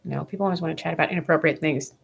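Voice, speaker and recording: A woman's voice: low-pitched, steady tone, very fast, vocal fry, slightly rough. A young woman chatting casually to camera on her vlog, blunt, profane and rambling. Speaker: vlogger.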